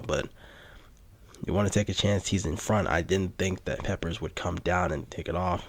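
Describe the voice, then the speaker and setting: A man giving casual play-by-play commentary over his football video game, rising with excitement on big plays. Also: low voice, a little hiss or hum. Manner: mock sportscaster play-by-play, lively on big plays. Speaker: gaming YouTuber.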